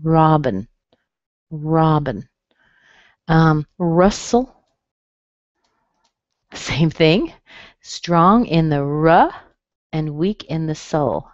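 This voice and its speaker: Speaking in a deep voice, this woman runs an online pronunciation lesson and patiently repeats words over and over so students can drill them at a slow pace. Her computer mic yields dry, muffled, dull webinar sound with no room sound at all.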